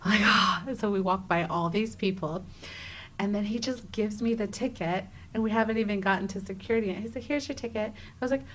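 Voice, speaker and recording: A woman in her thirties, a guest on an interview show, telling a personal story with lively energy and acting out the dialogue. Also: medium pitch, fairly quick, low-quality recording. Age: 30s. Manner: animated, acts out quoted dialogue with many "like"s. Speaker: guest, travel writer.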